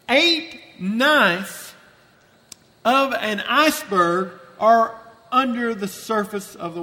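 A man preaching a sermon, his voice very high and bright, with a forceful edge. He draws out his phrases slowly and with emphasis. His voice carries a long reverb from the church hall. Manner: slow, emphatic, drawn-out phrasing.

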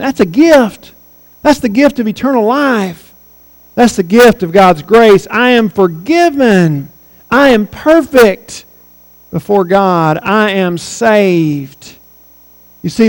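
A man's voice: high voice, expressive, unhurried, in a large hall, poor audio. A man in his forties preaching a sermon as pastor, earnest and emphatic, repeating key phrases. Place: church sanctuary.

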